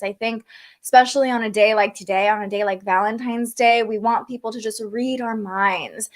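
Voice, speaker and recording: Chatty woman, bright voice. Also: on the high side. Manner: chatty, frequent likes and ums, restarts. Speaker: astrology forecaster. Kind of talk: casual livestream talk.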